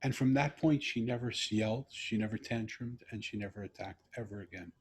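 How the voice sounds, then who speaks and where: A middle-aged man hosting a video call conversation, telling a personal story earnestly and growing animated when he quotes himself. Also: on the low side, a little fast, slightly rough. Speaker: interview host.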